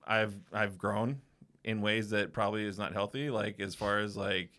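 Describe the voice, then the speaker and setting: Man, bright forceful voice, swears a lot, casual podcast storytelling. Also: fairly low pitch, moderate pace. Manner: profane, animated anecdote-telling with acted-out quotes. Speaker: podcast co-host.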